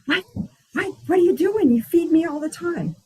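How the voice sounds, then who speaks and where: A woman's voice: extremely high pitch, lively intonation, moderate pace, a little mellow, pitched above the performer's own voice. A woman voicing a pushy, hungry little male squirrel that demands its treats. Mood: indignant. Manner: demanding, indignant.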